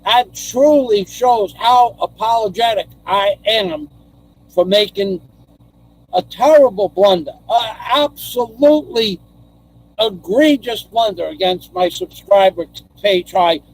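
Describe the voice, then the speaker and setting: An older man hosting a live stream, rambling in a theatrical, self-mocking way with loud outbursts. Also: very high voice, no echo, rough recording.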